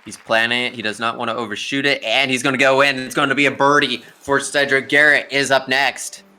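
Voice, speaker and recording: A man's voice: mid-range voice, level tone, quick pace, bright, forceful tone, faint music behind. A young man giving casual live play-by-play commentary on a video game golf tournament, chatty and talking straight to the players.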